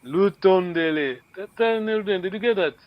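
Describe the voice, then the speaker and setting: A man teaching a language class online, speaking haltingly, repeating words and checking in with his students. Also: sits high. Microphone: video call. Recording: lo-fi online call audio.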